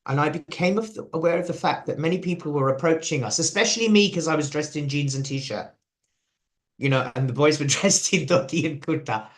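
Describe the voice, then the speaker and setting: A man's voice: a little high, a little fast. A man with an English accent giving a chatty devotional talk, sharing stories and asking the audience questions. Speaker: preacher.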